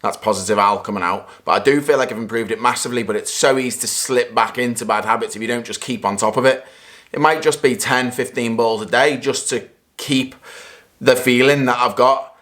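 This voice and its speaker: A chatty man talks his way through a home practice session for a golf vlog. His voice sits at an ordinary middle pitch, and he is self-critical one moment and cheering the next. Now and then he sounds a little out of breath between swings. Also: brisk. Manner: chatty, self-critical, bursts of excited exclamations. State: a bit out of breath at times. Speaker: golf vlogger. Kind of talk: casual vlog commentary while hitting shots.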